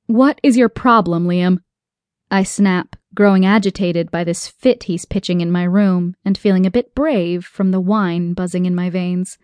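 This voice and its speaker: Brief: female audiobook narrator, intimate and expressive, mellow tone, dry booth sound. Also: fairly low pitch, normal speed, few pauses, clean tone, dry recording, dull audio. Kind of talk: first-person romance audiobook narration.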